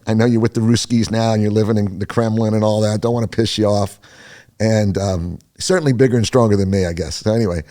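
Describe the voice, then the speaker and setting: An older man telling his story as a podcast guest, loose and chatty, with lots of fillers, restarts and acted-out voices of other people. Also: fairly low pitch. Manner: animated, acts out other people's lines in a raised voice. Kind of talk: rambling storytelling in an interview.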